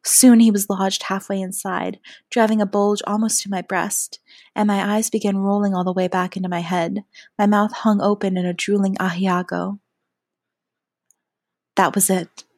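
A woman narrating a first-person adult audio story in a soft, often half-whispered delivery. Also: medium pitch, little pitch movement, moderate pace, no echo, clean studio sound.

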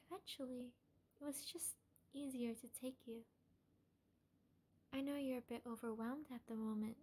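A woman voicing a breathy, doting obsessive kidnapper in whispered role-play. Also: fairly high pitch, steady tone, normal speed. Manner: gentle, coaxing, calls listener darling. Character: obsessive doting female kidnapper, soft and possessive. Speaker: audio role-play performer.

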